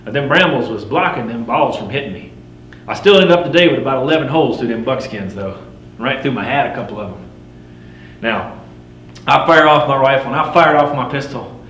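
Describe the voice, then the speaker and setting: A middle-aged man playing a boastful frontier fur trapper, spinning a first-person campfire tall tale in a folksy drawl with rough frontier grammar, wry and swaggering. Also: mid-range voice, lively intonation, a little fast, a bit bright, close to an everyday voice. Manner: swaggering, wry, chuckling at his own yarns. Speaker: living history storyteller. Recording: roomy recording with faint hum.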